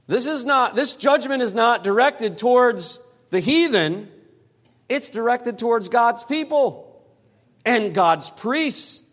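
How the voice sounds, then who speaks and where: A man's voice: very high-pitched, lively intonation, unhurried, a bit bright. A man preaching an expository sermon, emphatic and given to repeating phrases for stress. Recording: long hall reverb.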